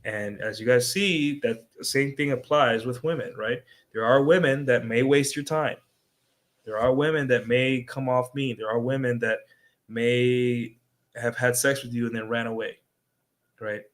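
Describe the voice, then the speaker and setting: A man's voice: mid-range voice, steady tone, a little slow. A young adult man on a livestream, talking casually as a dating coach and tagging his points with "right?". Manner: conversational, repeats "right?" as a tag.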